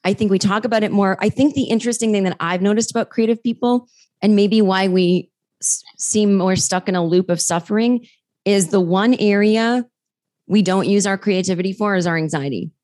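Woman, podcast guest, comedian, lively storyteller, acts out quotes. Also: medium pitch, a little fast. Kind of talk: casual podcast chat.

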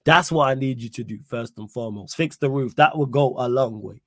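A young man hosts a casual live-stream podcast and reads the live chat, speaking in an animated, slangy way and repeating points for emphasis. His voice is mid-range and fairly quick, with no room sound.

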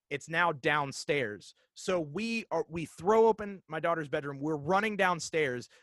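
A man in his thirties telling a ghost story in casual chat, animated and halting, with lots of fillers and restarts. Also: on the high side, no echo.

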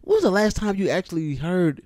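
A man in casual, profane conversation about hip-hop songs, animated and given to building up his points. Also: sits high, brisk, no room sound, clean studio sound. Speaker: podcast co-host.

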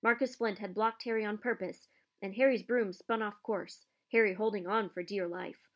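A woman reading a storybook aloud, narrating with expressive pacing and a medium-pitched voice. She keeps the story moving and shapes each sentence with feeling. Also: moderate pace.

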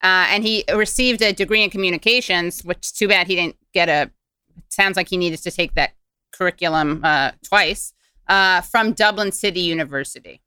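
Bright, crisp-voiced woman host. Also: lowish voice, normal speed, no echo. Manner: animated, sardonic, asks questions. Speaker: podcast host. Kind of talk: casual chat and reading aloud.

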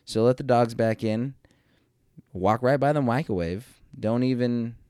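A man's voice: mid-range voice, measured pace, darkish tone, clean tone, dry recording, studio quality. A man casually telling a rambling, self-deprecating story about his morning, with some swearing.

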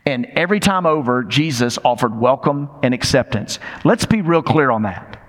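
A man's voice: mid-range voice, animated, normal speed, fairly bright tone. An older man preaching a sermon, emphatic and conversational, with rhetorical questions and repetition. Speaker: pastor. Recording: long reverb of a large hall.

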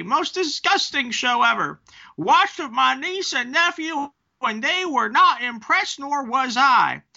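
A man voicing a prim, scandalized older woman leaving a disapproving comment, in a high falsetto. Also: vocal fry, pushed and bright, heavily acted. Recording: dull lo-fi podcast audio.

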